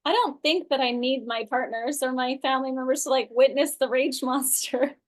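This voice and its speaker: A woman's voice: high-pitched, moderate pace. Chatty woman coach on a video call. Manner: loose and chatty, full of "like" and "um", restarts mid-sentence. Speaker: women's coach leading an online class. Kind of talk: casual teaching talk to a group.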